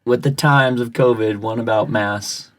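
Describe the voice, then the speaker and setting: A man's voice: medium pitch, steady tone, unhurried, a bit bright. A man, co-hosting a podcast and joking with his guest in casual chat. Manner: joking, teasing. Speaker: podcast host.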